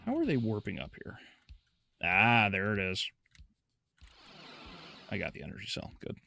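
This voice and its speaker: A man's voice: on the low side, wildly swooping pitch, normal speed, gravelly, pushed and bright, soft background music. A man streaming a game, chatting casually with his viewers, swearing freely and laughing often as he plays. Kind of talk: casual gameplay commentary.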